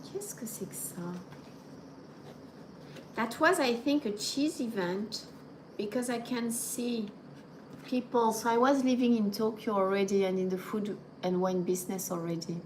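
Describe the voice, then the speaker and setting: A woman's voice: fairly high pitch, measured pace, background noise. A middle-aged woman with a French accent, chatting casually with viewers as a host and dropping in French and Japanese words. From France. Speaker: channel host. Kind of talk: casual livestream chat.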